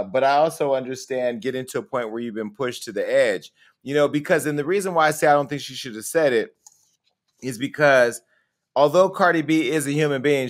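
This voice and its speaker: Conversational male show host. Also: medium pitch. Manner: conversational, opinionated, addressing viewers. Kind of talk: casual entertainment commentary.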